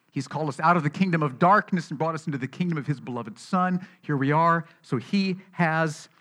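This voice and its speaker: A man's voice: mid-range voice, fairly bright tone. A man preaching a sermon as pastor, earnest and building to emphatic exhortation.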